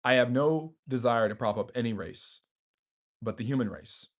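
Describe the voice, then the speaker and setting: A man's voice: medium pitch, normal speed. A man hosting a history live stream, reading viewers' chat messages aloud and answering them off the cuff with frequent fillers. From United States.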